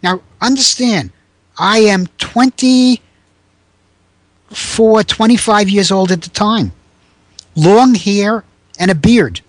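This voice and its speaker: A man in his seventies telling a story in a conversation, animated and acting out the people he quotes. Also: slow, pauses often, dry recording. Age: 70s. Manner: animated, raises pitch to act out quoted people. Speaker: guest, former teacher.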